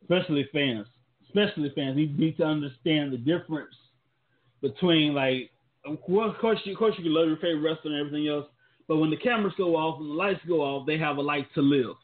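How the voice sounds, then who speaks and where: A man's voice: a little high, fast. A man in casual podcast chat, telling stories in a loose, rambling, slangy way. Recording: tinny phone-like sound.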